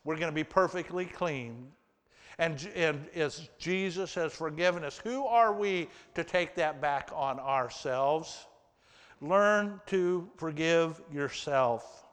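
A man preaching a sermon and reading scripture aloud, slow and emphatic, with surges of intensity. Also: on the high side, lively intonation, fairly bright tone, smooth. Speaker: pastor. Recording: reverberant hall.

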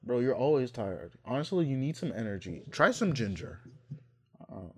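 A man's voice: mid-range voice, very animated, normal speed, darkish tone. A young man co-hosting a podcast, chatting casually and joking, often laughing and trailing off mid-thought. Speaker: podcast co-host. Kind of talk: casual chat.

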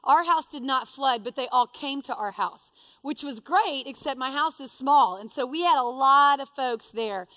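A woman telling a personal story to a live audience, animated and self-deprecating. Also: sits high, moderate pace, dry recording.

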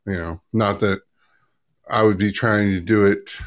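A man's voice: fairly low pitch, steady tone, measured pace. A man co-hosting a casual talk show, rambling and repeating himself as he gives his take. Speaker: co-host.

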